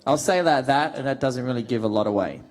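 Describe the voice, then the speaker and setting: A man in his thirties, a guest actor on a convention panel, telling animated stories and acting out quotes with a laugh. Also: medium pitch, quick pace. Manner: animated storyteller, acts out quotes, laughs often. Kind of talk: casual panel Q&A, anecdotes.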